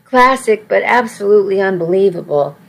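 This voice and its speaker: A woman's voice: mid-range voice, expressive, brisk, gravelly, rough recording. A woman reading a first-person story aloud in a wry, conversational way. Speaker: audiobook narrator.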